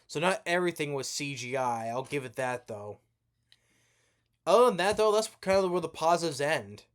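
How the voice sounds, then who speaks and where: A man's voice: fairly high pitch, lively intonation, moderate pace, clear, resonant tone. A man in a slightly raised register delivers a rambling movie review rant. He is sleepy and yawning, drifting between points, tripping over his own restarts, and dropping casual swear words. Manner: rambling and profane, many restarts.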